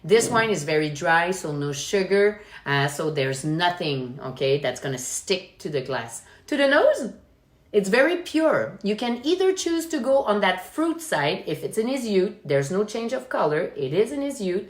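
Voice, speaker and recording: A woman's voice: mid-range voice, sing-song, moderate pace, echoey room. A woman with a Quebec French accent, chatting casually as she hosts a live wine tasting and explains as she goes, often checking in with "okay?". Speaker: wine expert hosting a live stream. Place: at home.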